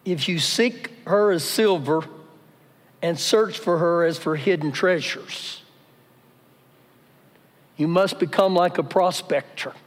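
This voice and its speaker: A man's voice: a little high, takes it slowly, long pauses. A man preaching a live sermon as pastor, emphatic and repeating his key phrases. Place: church sanctuary during a service. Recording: live church recording with long reverb.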